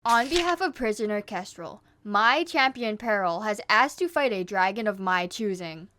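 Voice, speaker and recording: Cast: a woman doing a gloating, sinister dragon queen for an animated short, lowered pitch, roomy reverb across an arena. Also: moderate pace, a little hiss or hum. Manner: gloating, theatrical announcing. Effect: voice digitally deepened with added reverb.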